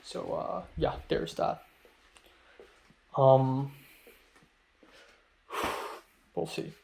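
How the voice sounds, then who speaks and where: A man's voice: mid-range voice, steady tone, drawn-out words, vocal fry, a little mellow. A young man who is a film student, talking in a rambling, filler-heavy vlog monologue and sounding stressed.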